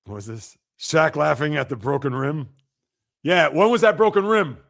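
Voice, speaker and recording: This is a man hosting a casual sports livestream, reading out viewer comments and ribbing them in a competitive, playful way. His voice sits high and carries a gravelly rasp. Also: moderate pace, fairly bright tone. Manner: teasing, competitive, reads and answers viewer comments. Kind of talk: casual live-chat banter.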